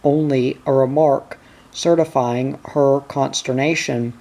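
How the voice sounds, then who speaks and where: A reader narrating a novel aloud in a measured way. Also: medium pitch, fairly even intonation, creaky, warm tone. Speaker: audiobook reader.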